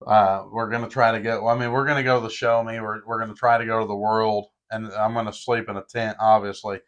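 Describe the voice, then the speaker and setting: A man's voice: fairly low pitch, level tone, quick pace, fairly bright tone, lo-fi sound. Laid-back young man, casual podcast chat. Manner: laid-back, laughs often, casual swearing. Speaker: podcast co-host.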